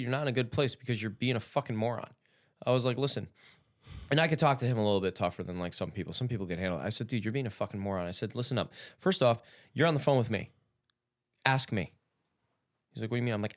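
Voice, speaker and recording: Man, podcast host, casual chat, blunt, profane, animated. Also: mid-range voice. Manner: blunt, profane, gets loud and animated telling stories.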